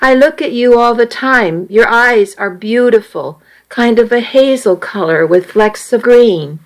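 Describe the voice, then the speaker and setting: Uma mulher dando voz a um garoto adolescente tranquilo e brincalhão, que fala de forma direta e sem pressa. A voz é um pouco aguda para um rapaz, e o ritmo é lento. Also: female voice, a little high, measured pace, rough recording. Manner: calm, matter-of-fact. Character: teenage boy, easygoing, teasing best friend.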